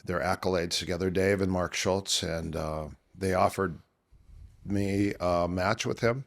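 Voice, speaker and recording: Middle-aged guy, kinda low voice, rambly stories full of uh and um, throat a bit worn. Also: steady tone, measured pace, creaky. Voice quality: voice strained from years of yelling. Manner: rambling anecdotes with many fillers and self-corrections. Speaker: guest, MMA coach. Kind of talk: casual storytelling interview.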